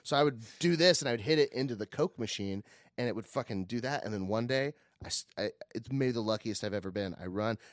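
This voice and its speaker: Man, animated storyteller, swears a lot, laughs often, dry close sound. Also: mid-range voice, quick pace, no room sound. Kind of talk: casual chat, storytelling.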